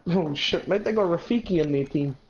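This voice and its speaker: A man's voice: fairly high pitch, fairly quick, a little mellow, muffled recording. A young man on a gaming livestream, teasing his friends crudely and swearing between laughs. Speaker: gamer on a livestream. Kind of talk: casual gaming banter. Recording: clear background noise.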